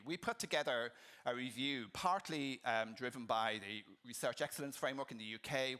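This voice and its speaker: Middle-aged male keynote speaker with a bright, tense voice; conversational, telling stories with plenty of ums. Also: mid-range voice. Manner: conversational, anecdotal, frequent ums and restarts. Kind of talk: conference keynote talk.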